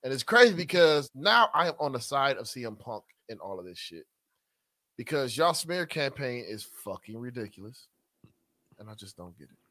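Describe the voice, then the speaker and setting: A man's voice: mid-range voice, sing-song, normal speed, sharp tone, no room sound. A man co-hosting a podcast in casual chat, laid-back and exasperated, calling people bro. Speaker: podcast co-host.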